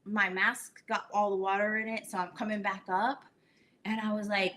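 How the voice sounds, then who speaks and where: A woman's voice: medium pitch, level tone, moderate pace, sharp tone, slight background noise. A woman hosting a home cooking show, chatting animatedly as she tells a story in her kitchen.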